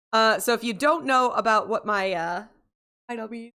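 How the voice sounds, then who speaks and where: On a casual livestream, a woman plays a game and talks with her audience in a smooth, sharp, somewhat high voice. She is sleepy and yawns, often laughs, interrupts herself as she rambles, and responds to what chat says.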